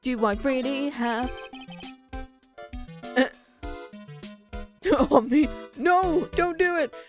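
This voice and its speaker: A woman's voice: high-pitched, very slow, soft background music. A young British woman in her twenties, streaming a game, chatting casually and reading its dialogue aloud in voices. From Britain. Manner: chatty, joking, reads game lines in voices.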